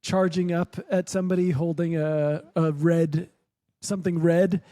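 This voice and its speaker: A man co-hosting a podcast in casual chat, teasing and animated. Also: a little high, a little slow, dry recording, clean studio sound. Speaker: podcast co-host.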